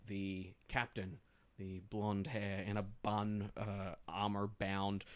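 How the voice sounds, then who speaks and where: A man's voice: fairly low pitch, level tone, takes it slowly. A man narrating a tabletop game as game master, with rambling descriptions full of fillers.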